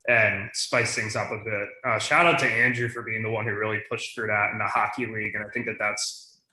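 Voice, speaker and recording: A young man with a bright, forceful voice talks through league rules in easygoing podcast chat. He leans on "you know" and "um" as he thinks aloud, and the room around him rings with echo. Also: on the low side, steady tone, a little fast. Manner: many fillers, thinks aloud. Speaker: podcast co-host. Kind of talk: casual fantasy league chat.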